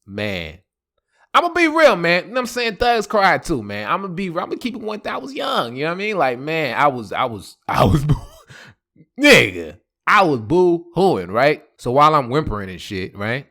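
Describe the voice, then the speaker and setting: A man's voice: fairly high pitch, normal speed. Brief: male podcast host spinning a funny story, loose slang, a voice that leaps all over. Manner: animated, slangy, laughing asides. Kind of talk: comedic storytelling.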